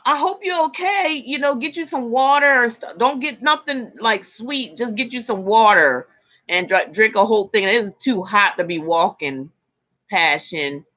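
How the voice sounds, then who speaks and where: A woman with a voice on the high side hosts a casual tarot livestream at a moderate pace. She chats with viewers, reads their comments aloud, laughs easily, and breaks into animated exclamations.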